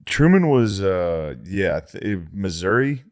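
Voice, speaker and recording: Low-voiced man in laid-back banter. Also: very animated, slow. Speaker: comedian podcast co-host. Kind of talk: casual comedic banter.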